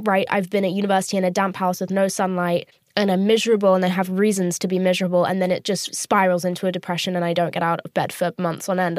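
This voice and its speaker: A woman's voice: medium pitch, dry recording, clean studio sound. A woman in her twenties, hosting a podcast from her parked car, telling a candid, profane story in a chatty way. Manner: candid, chatty and profane, acting out quoted voices. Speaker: podcast host. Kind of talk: casual storytelling monologue.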